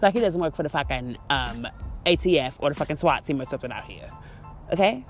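A woman on a podcast, venting in a fiery, swear-filled rant. Her low-set voice leaps high and drops with wide, lively swings, over faint music. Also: quick pace. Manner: profane, heated, animated storytelling. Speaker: podcast host. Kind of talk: ranting monologue.

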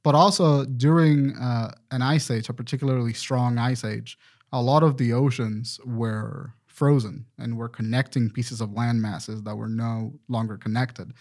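A man's voice: medium pitch, steady tone, unhurried, darkish tone. Casual male podcast host, loose and rambling, swears freely. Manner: rambling, profane, self-correcting. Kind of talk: casual chat.

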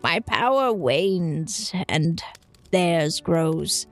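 A woman voicing a frail, sickly old man who speaks slowly and wearily between coughs. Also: fairly low pitch, lively intonation, soft background music, full character voice. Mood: grave. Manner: slow and weary, coughing.

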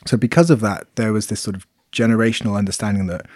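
A man's voice: lowish voice, quick pace, darkish tone, no room sound, clean studio sound. A British man co-hosting a casual podcast chat, explaining things in a rambling way with lots of fillers. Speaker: podcast co-host.

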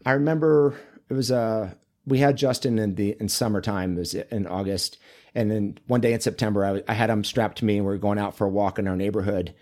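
A man talks as a guest in a relaxed interview, his voice low in pitch. His tone is warm and mellow. He tells rambling, earnest stories as a men's coach. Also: brisk. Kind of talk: casual interview conversation.

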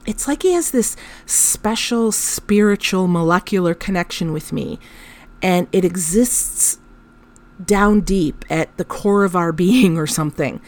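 A woman's voice: lowish voice, slow pace, a little mellow. A woman hosting a podcast, telling a personal story in a candid, emotional way, with frank swearing and laughter through her telling. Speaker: podcast host.

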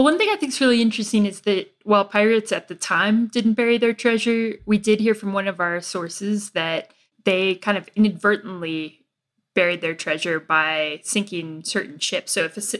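A woman guest on a podcast, relaxed and thoughtful, using casual fillers. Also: medium pitch, normal speed. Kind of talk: casual chat.

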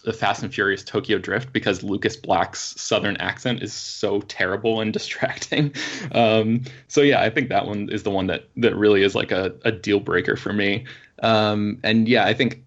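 A man from Florida co-hosting a podcast in relaxed casual chat, laughing often. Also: on the low side, normal speed. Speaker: podcast co-host. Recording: dull lo-fi line.

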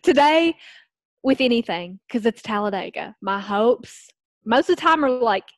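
A woman's voice: fairly high pitch, animated, moderate pace, no room sound. A woman from Kentucky with a Southern accent, chatting casually as a podcast co-host, giggling and filling her talk with "like". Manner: giggly, lots of "like" fillers. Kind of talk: casual chat.

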